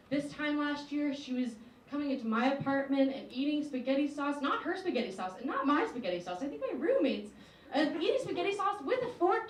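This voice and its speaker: Animated young woman doing stand-up. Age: 20s. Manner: chatty, filler-heavy, jumps into excited high-pitched outbursts. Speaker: stand-up comedian. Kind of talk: stand-up comedy set. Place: university comedy club stage with a live audience. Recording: roomy, distant, faint crowd and noise.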